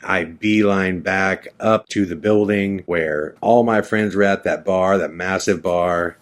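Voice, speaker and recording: A man with a deep, low voice hosts a podcast, telling his own story casually. He jumps between narration and quoted dialogue, acting out both speakers as he goes. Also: slow. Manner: animated retelling, acts out both sides of dialogue. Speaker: podcast host. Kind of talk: casual first-person storytelling.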